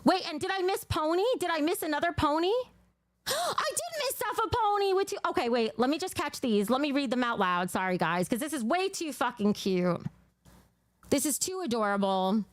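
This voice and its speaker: Animated, swearing woman livestreamer with a Jersey accent. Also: sits high, a little fast, no echo. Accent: New Jersey. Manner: blunt and profane, then gushing over donations. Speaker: livestream host. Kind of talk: casual livestream chat.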